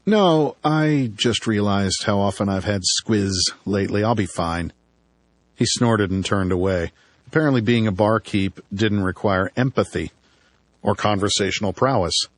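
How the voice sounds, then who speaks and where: A man's voice: fairly low pitch, no room sound. A man narrating a first-person audiobook with dry, wry storytelling.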